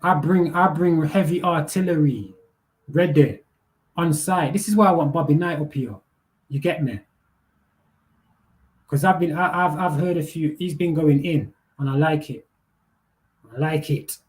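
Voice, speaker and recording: A man's voice: fairly high pitch, a little slow, pauses often. A young man, hosting a live panel and ranting bluntly with heavy swearing, street slang and repeated words. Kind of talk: casual rant.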